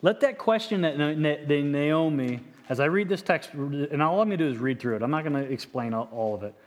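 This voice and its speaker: A man with a high voice preaches an impassioned sermon. He stumbles over his words, repeating and restarting phrases as he pushes his point. His delivery is earnest and driven. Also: fairly quick. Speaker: pastor.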